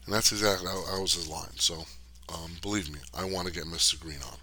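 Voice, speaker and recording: Lowish-voiced man with a sharp, forceful tone. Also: quick pace, a little hiss or hum. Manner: loose and streetwise, with frequent fillers and cursing. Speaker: podcast host. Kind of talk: casual rambling chat, reading viewer questions.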